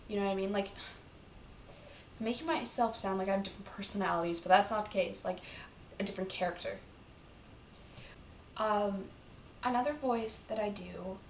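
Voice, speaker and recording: A woman's voice: mid-range voice, a little hiss or hum. A teenage girl chatting casually to camera for her vlog, rambling along with many fillers. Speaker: vlogger. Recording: roomy, from a distance.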